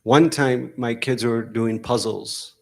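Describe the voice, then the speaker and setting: A middle-aged man, giving a sermon in a mosque hall, telling stories that break into sudden loud outbursts. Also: medium pitch, steady tone, slow, creaky. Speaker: preacher.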